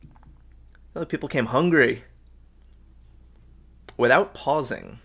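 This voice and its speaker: A man hosts a live crossword stream, upbeat as he thinks aloud and reads out viewers' answers. His voice is medium-pitched, slow and husky, a bit bright, with vocal fry.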